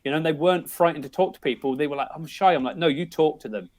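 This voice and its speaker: Racing along in a slightly high voice with a darkish tone, a middle-aged man from England shares family stories as a podcast guest. His casual storytelling meanders, with frequent restarts and plenty of "you know"s.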